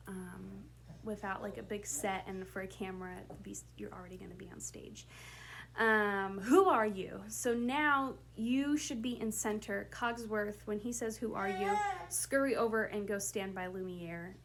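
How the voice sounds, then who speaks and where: A woman's voice: mid-range voice, fairly bright tone, slight background noise. A woman directing a school play, giving blocking notes to her actors in a casual way full of fillers. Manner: casual and chatty, with many fillers. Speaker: drama director.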